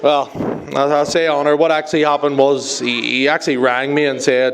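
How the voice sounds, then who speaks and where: A man's voice: on the high side, fairly even intonation, normal speed, few pauses. A young man giving a best man speech, apologetic and joking, laughing along with the guests. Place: wedding reception hall. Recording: crowded reception hall with loud chatter and laughter. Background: laughing, chattering guests.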